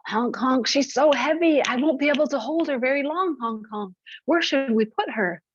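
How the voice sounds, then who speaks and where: A woman's voice: high voice, normal speed, a little hiss or hum, voice pushed up, lightly acted. A woman voicing a flock of anxious geese who chatter and honk as they worry. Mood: worried. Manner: honking between anxious chatter. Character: flock of honking, fretful geese. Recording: dull, dry lo-fi recording.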